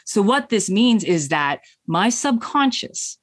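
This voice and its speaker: A woman's voice: mid-range voice, big pitch swings, takes it slowly, no room sound, clean studio sound. A middle-aged woman, a business coach, telling a personal story in an interview in an earnest, heartfelt way and acting out her own past thoughts.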